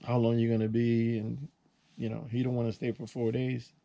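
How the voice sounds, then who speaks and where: A retired older man hosts his own channel, rambling casually through hunting and fishing stories as he works on a small project. His voice is gravelly and dark with little pitch movement at normal speed, and the highs are cut off. He's folksy, restarting often and using sound words like "boom."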